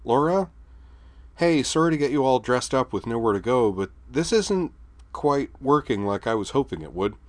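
A man reading a story aloud, voicing a young woman scientist in a raised, brightened voice. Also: lowish voice, animated, a little fast, no room sound. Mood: apologetic.

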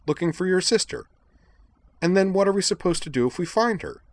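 A man's voice: animated, a little fast. A man voicing a young female student who is indignant and incredulous, reading a story aloud. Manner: incredulous, rising to a high pitch. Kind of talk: audiobook reading of fan fiction.

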